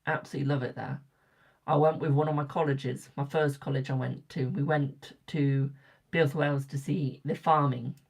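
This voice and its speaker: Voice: mid-range voice, vocal fry, a little mellow. A young adult tarot reader from Britain chatting casually with live viewers, rambling and repeating phrases for emphasis.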